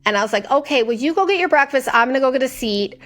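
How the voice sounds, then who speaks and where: A young woman co-hosting a podcast, telling a story in casual chat, animated and profane, acting out other people's lines. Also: high-pitched, quick pace. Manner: animated, swearing, acts out quoted voices. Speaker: podcast co-host.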